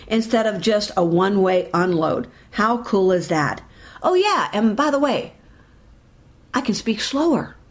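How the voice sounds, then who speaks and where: A woman giving a motivational talk, speaking directly to her listeners in an animated way. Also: medium pitch.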